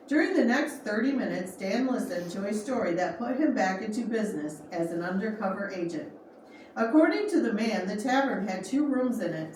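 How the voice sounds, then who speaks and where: Woman narrator, steady storybook reading, small restarts, far from mic, faint background noise. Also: mid-range voice, very echoey. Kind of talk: reading a true story aloud.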